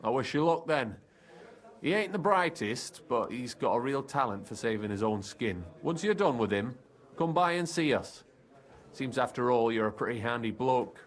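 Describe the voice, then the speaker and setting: A man's voice: mid-range voice, lively intonation, normal speed, close to an everyday voice. An actor playing a streetwise male fixer from a thieves' crew, with a Cockney accent and slangy talk. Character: shifty male thief-guild fixer, streetwise.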